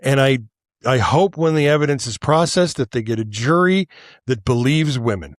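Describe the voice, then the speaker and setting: A man hosting a political podcast alone, ranting angrily with swearing and frequent halting restarts. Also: mid-range voice, expressive, no echo, studio quality. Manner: angry, profane, halting with repeated restarts. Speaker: podcast host. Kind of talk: solo political rant.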